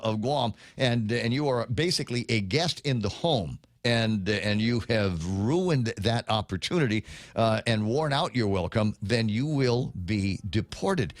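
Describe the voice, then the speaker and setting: A man's voice: mid-range voice, dry recording. A man hosting a morning radio talk show, rambling casually with many restarts and reading out listener comments. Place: radio studio.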